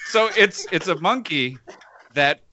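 A man's voice: a little high, expressive, unhurried, bright, forceful tone, dull audio. A man in casual chat, co-hosting and reviewing films, sardonic and often laughing between phrases. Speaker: podcast co-host reviewing films.

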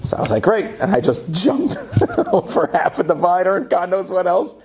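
A man's voice: normal speed, a crowd in the background. A man telling a funny personal story in a casual way, laughing and acting out what people said with jumps in his voice. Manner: animated, acts out other people's lines with jumps in pitch.

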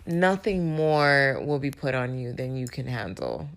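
Woman, podcast host, raspy and hoarse, gravelly low voice, slow unhurried delivery, reflective motivational chat. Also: lively intonation. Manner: reflective, searching for words. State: recovering from illness, hoarse. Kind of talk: casual motivational monologue.

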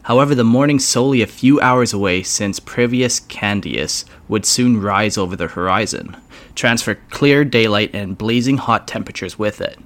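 A man's voice: lowish voice, normal speed. A man casually reading a fantasy fan story aloud, with wry, joking asides. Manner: lively, wry asides with swearing. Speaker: story reader.

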